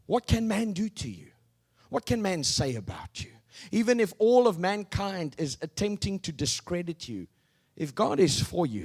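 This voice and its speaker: A male pastor preaching with a lively, animated delivery and a fairly high voice. He swings between loud declarations and quiet, hushed asides, and he calls on the congregation to repeat phrases after him. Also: normal speed. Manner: leads the congregation in call-and-response. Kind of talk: sermon.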